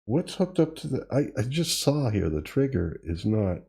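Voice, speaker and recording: A man hosting a tutorial, casually demonstrating gear and thinking aloud with pauses and self-corrections. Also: medium pitch, very animated, creaky, mellow, slightly rough. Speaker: tutorial host. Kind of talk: casual demo while playing. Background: drum machine sounds he is playing.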